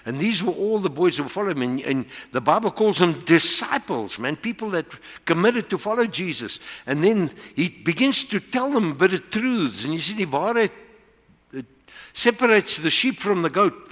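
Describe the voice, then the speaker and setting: A South African man preaching in a large church hall, his voice ringing with long reverb. He has a slightly high voice that swings widely in pitch as he presses his points, mixing English with Afrikaans. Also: fairly bright tone. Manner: preaching with rising emphasis, mixing in Afrikaans phrases. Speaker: pastor. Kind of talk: sermon.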